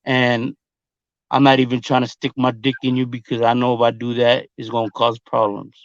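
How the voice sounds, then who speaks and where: A man's voice: medium pitch, monotone, normal speed, no echo. A man talking as a rapper guest in casual storytelling chat, blunt and profane, often repeating himself. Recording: muffled lo-fi recording.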